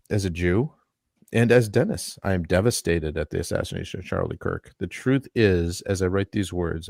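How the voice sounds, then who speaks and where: A man's voice: low voice, sing-song, moderate pace, gravelly, darkish tone, no echo, clean studio sound. A man hosting a live-stream talk show, reading a statement aloud in an earnest way and adding his own asides. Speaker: podcast host.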